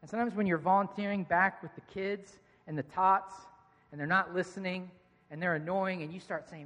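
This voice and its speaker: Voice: mid-range voice, fairly even intonation, a little fast, fairly bright tone. Joking, conversational preacher in a reverberant church. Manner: conversational and joking, engages the congregation directly. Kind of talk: sermon. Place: church sanctuary.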